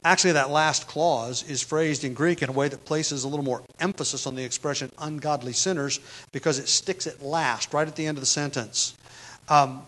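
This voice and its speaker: Male preacher with a fairly high voice; teaching sermon, hammers key words, then drops low. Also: steady tone, brisk, rough recording. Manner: emphatic, swings between loud stresses and quiet asides; repeats key words for emphasis. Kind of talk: expository sermon.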